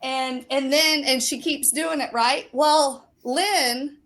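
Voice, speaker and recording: A woman with a high voice tells a story in casual chat. She talks at an unhurried pace. She is animated and leans on plenty of fillers. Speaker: show regular and storyteller.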